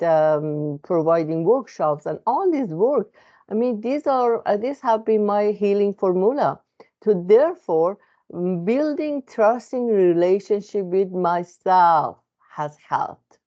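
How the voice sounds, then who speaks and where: A therapist, a woman with a non-native English accent, earnestly sharing a reflective self-help monologue with many pauses and restarts. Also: on the low side, muffled recording. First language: not English.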